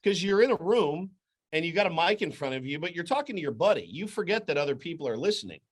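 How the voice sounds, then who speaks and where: A man who hosts sports radio, guesting on a podcast and telling stories animatedly, with quick bursts and restarts. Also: fairly high pitch, big pitch swings, husky. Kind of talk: casual conversation, storytelling.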